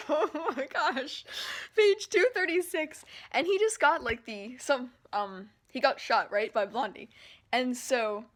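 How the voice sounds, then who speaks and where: High-voiced gushing woman book vlogger. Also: measured pace. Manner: gushing, emotional, excitable. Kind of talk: casual read-along reaction.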